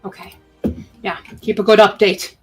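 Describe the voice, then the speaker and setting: A woman's voice: medium pitch, little pitch movement, normal speed, slightly rough, soft background music. A woman hosting a casual writing-sprint livestream from home, chatting playfully and talking to her pet bird. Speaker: writing sprint stream host.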